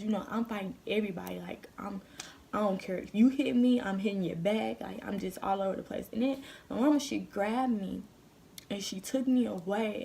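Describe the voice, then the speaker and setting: A woman's voice: mid-range voice, creaky, mellow, a little hiss or hum. A woman vlogger telling a story straight to her viewers in a blunt, heated, casual way, swearing freely. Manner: addresses viewers directly.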